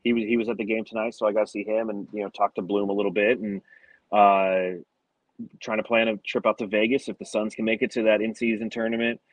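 Husky-voiced, talkative man co-host. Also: fairly low pitch, little pitch movement, fast talker, no echo, poor audio. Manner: talkative, swears freely. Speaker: podcast co-host. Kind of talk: casual sports podcast chat. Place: arena.

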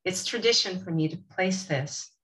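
A woman guest giving a heartfelt, slow and emphatic tribute to the host. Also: on the low side, rough recording. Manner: warm, earnest, slow and emphatic. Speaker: author and guest.

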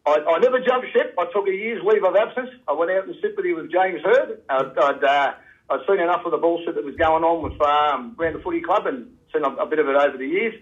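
Older Australian man, radio caller, rambling, fast-talking, slightly high voice, says "mate" a lot, dull lo-fi phone line. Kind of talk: casual radio chat.

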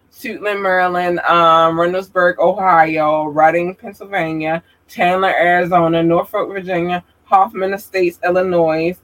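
A man reading out viewers' hometowns one by one, halting with fillers and apologizing for mispronouncing names. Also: high-pitched, fairly bright tone, poor audio. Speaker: streamer giving shout-outs.

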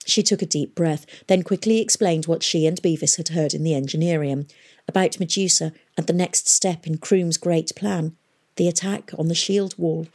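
Mellow woman reading a story aloud. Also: low-pitched, fairly even intonation, normal speed. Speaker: audiobook narrator.

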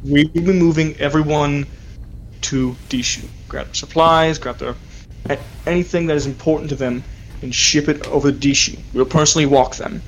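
Southern-accented man, tabletop player, slightly high voice, faint background hiss. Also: fairly even intonation, moderate pace. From Southern United States. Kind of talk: in-character tabletop play.

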